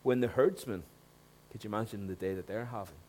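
A man preaching a sermon, swinging between hushed asides and loud, emphatic points. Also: fairly low pitch, a little fast, a little hiss or hum.

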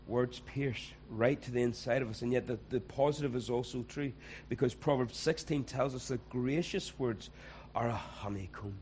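A man's voice: medium pitch, normal speed, few pauses, darkish tone, slight background noise, low-quality recording. A man, preaching a conversational sermon and acting out quoted voices.

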